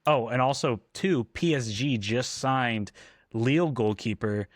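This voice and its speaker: A man's voice: mid-range voice, unhurried, no echo, studio quality. A man co-hosting a casual football podcast, talking with frequent ums and restarts. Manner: hesitant, lots of ums and restarts. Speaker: podcast co-host.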